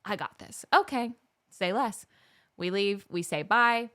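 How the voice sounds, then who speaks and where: A young woman co-hosts a casual podcast chat and tells a dating story with lively energy. She slips into the voices of the people she quotes as she goes. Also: medium pitch, a little slow. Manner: animated, acts out quoted dialogue. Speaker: podcast co-host.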